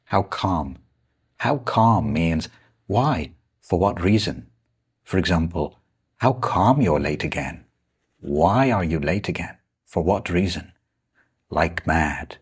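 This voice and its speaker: A man teaching English idioms in a slow, deliberate lesson, explaining each one and repeating examples. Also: sits low, lively intonation, slightly rough. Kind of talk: scripted lesson narration.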